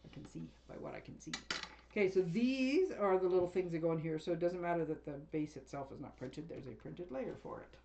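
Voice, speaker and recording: Woman, craft demonstrator, rambling casual chat, laughs often, lowish voice, dull lo-fi sound with faint hiss and clicks. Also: a little fast, mellow.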